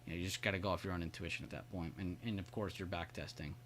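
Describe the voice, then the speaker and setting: A man's voice: low voice, steady tone, rapid-fire, fairly bright tone, a little hiss or hum. A man hosting a live trading stream, walking through charts casually and praising viewers by name. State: hiccups. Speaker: trading livestream host. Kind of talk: live market commentary.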